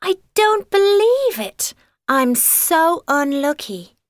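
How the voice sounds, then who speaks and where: Casting: a woman as a young storybook schoolgirl, high-pitched and full of drama, voice leaping around. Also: big pitch swings, takes it slowly, no echo, studio quality, exaggerated voice. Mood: dismayed. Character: excitable young schoolgirl, unlucky.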